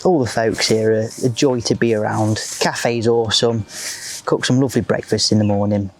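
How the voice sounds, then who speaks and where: A man's voice: lowish voice, steady tone, moderate pace, a little mellow, faint music behind. A man giving a rambling, casual commentary while fishing outdoors at a lake. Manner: chatty, rambling, leans on fillers like "just". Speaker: match angler presenting the video.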